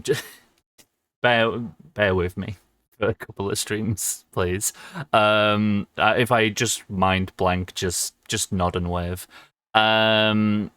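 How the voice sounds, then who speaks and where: A man's voice: lowish voice, a bit bright, clear, resonant tone, no echo, clean studio sound. A young man, chatting casually with viewers on a livestream, rambling with lots of ums and small laughs. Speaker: streamer.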